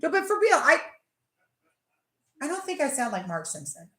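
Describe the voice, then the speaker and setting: Animated high-voiced woman rambling. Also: moderate pace. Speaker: livestream host. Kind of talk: casual livestream chat. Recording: echoey room.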